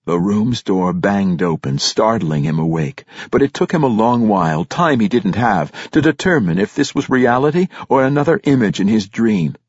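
A man narrating a fantasy audiobook in an expressive, dramatic storytelling manner. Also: fairly low pitch, normal speed, few pauses, husky, no room sound, lo-fi sound.

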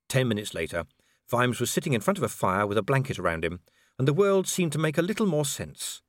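A man's voice: medium pitch, big pitch swings, a little fast, no room sound, studio quality. A man narrating an audiobook with dramatic storytelling and character voices. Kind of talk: scripted narration.

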